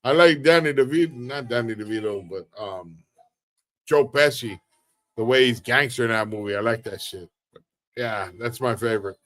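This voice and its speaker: A man's voice: mid-range voice, normal speed, fairly bright tone. Laid-back man with street slang. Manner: laid-back, drawling, slangy with "homie" and "dog". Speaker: livestream host reading chat. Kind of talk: casual street-slang chat.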